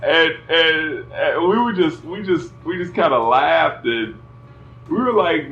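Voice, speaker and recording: A man's voice: fairly high pitch, moderate pace, slight background noise. A middle-aged man telling a family story casually, acting out the voices and saying "you know" a lot. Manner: animated, acts out voices, many "you know" fillers. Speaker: son telling family stories. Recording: roomy, slightly dull, faint music behind.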